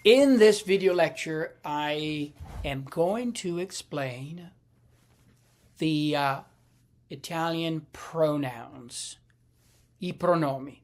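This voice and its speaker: Slow, halting male language lecturer. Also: a little high. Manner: deliberate, halting with frequent fillers and repeats.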